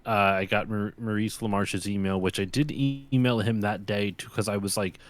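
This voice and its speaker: A man with a fairly low voice chats casually on a live stream. He rambles through his stories, restarting his sentences often. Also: fairly even intonation, normal speed. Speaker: podcast co-host. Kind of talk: casual chat.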